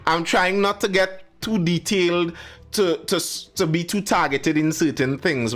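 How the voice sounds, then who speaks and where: A man's voice: sits high, unhurried, a bit bright. A man hosting a live stream, giving emphatic commentary and answering viewers in the chat by name. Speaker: live show host.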